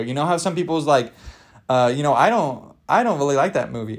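A man's voice: fairly high pitch, big pitch swings, fast talker. A young man hosting a podcast, ranting in a rambling, jokey, over-the-top way and swearing freely. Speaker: podcast host. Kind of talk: casual comedic rant.

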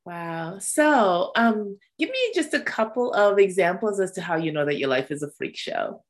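A woman hosting a podcast interview in a casual chat, quick to laugh. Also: medium pitch, sing-song. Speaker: podcast host.

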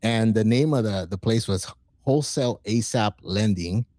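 A man in his forties telling stories in casual, profane chat, acting out quoted lines with excitement. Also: fairly low pitch, moderate pace, no echo. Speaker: podcast guest.

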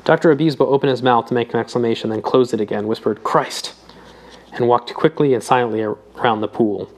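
A man reading a novel aloud in a measured, even narration. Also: mid-range voice. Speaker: audiobook reader. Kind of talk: scripted narration.

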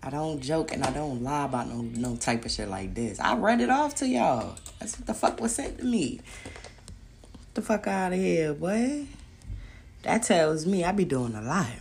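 A woman hosts her own podcast in a loose, swearing monologue. Her voice sits low with a gravelly rasp. She jumps from loud, emphatic bursts to muttered asides. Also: expressive, moderate pace, slight background noise. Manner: profane, emphatic storytelling. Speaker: podcast host. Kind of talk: casual monologue.

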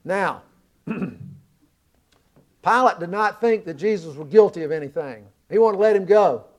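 A man's voice: high voice, expressive, normal speed, darkish tone. A man from the American South preaching a sermon, retelling a story with earnest emphasis.

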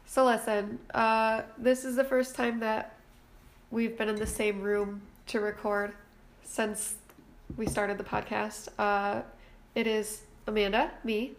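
A woman's voice: a little high, flat delivery, slow pace, slight background noise. A woman co-hosting a casual podcast, her voice nasal and congested from allergies, laughing often and swearing casually. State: stuffy from allergies. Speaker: podcast co-host. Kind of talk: casual chat. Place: home room with her sisters.

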